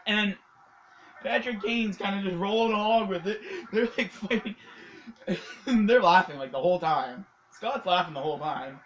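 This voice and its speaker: Excitable rambling hockey vlogger. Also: mid-range voice, moderate pace, low-quality recording. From Canada. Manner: excitable, rambling, many fillers and laughs. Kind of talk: casual hockey recap.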